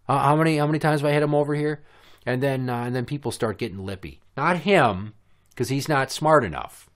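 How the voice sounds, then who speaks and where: A man's voice: medium pitch, fairly quick. A man hosting a podcast, telling a story in a blunt, sarcastic, profane rant. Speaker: podcast host. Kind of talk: casual ranting storytelling.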